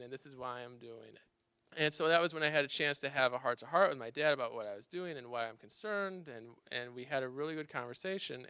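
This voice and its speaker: Bright, clear-voiced man telling a story. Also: medium pitch, dry recording. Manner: chatty, self-deprecating, many quick restarts. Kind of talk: live personal storytelling. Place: campus lounge storytelling event.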